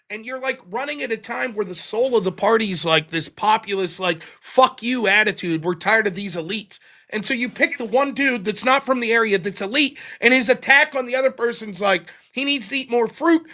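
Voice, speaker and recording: Man, call-in show host, lively swooping pitch, bright sharp tone, profane incredulous rant. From Pennsylvania. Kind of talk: casual political rant.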